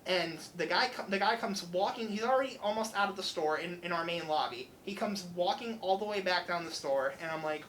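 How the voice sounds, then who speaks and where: A man's voice: high-pitched, fairly quick, few pauses, a little hiss or hum, low-quality recording. A young man hosting student radio, animatedly retelling a story and acting out the dialogue. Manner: animated, acts out customer dialogue. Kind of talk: casual storytelling.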